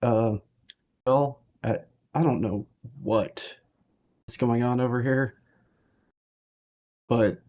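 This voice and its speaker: Guy player, slow and measured, mid voice, calmly describing his character. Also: medium pitch.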